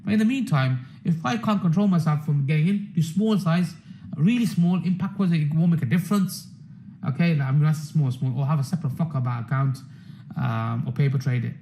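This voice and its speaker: A man's voice: a little high, fairly quick, warm tone, low-quality recording. A man hosting a members' market stream, rambling, swearing and repeating himself in a casual rant.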